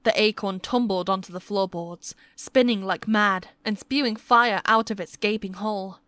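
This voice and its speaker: A woman narrating a historical fantasy romance audiobook with steady, measured storytelling. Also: mid-range voice, dry recording, studio quality.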